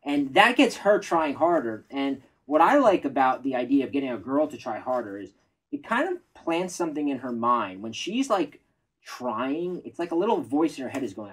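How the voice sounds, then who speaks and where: Husky-voiced male dating coach, soft-spoken, casual advice talk. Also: medium pitch, big pitch swings, normal speed, low-quality recording. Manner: soft-spoken, self-described shy and introverted.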